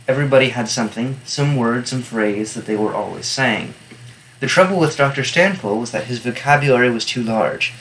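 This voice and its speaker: A man at an ordinary middle pitch reads a novel aloud, carrying the first-person narration at an even, unhurried pace. He breaks off now and then for dry, casual remarks on the text before sliding back into the story. A faint hiss sits under his voice. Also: rough recording. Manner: steady first-person narration broken by wry, offhand asides. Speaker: reader and annotator. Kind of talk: reading a novel aloud with commentary.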